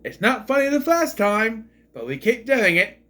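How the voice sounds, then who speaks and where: A man's voice: very high voice, sing-song, normal speed, sharp tone, voice pushed up, exaggerated voice. A man doing a jokey, exaggerated impression of a self-mocking comic actor. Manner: exaggerated, sing-song, jokey.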